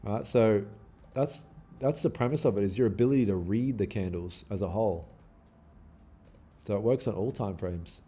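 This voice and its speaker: A man's voice: on the low side, moderate pace, dark tone, slightly rough. A man hosting a live day-trading stream, chatting casually with viewers, swearing freely and talking back to the market. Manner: casual, swears freely, pleads and jokes with chat. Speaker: day trading livestream host.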